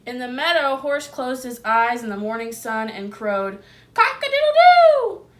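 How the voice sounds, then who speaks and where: A woman teacher reading a picture book aloud to young children, gentle and expressive, asking them questions. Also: on the high side, moderate pace.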